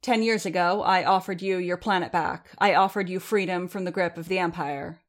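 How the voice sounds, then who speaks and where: A woman reading the part of a commanding female warrior leader who addresses a gathered crowd in firm, slow, declaiming speech. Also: lowish voice, natural voice. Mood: rallying. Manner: firm, declaiming, slowed for emphasis. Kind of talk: audiobook reading.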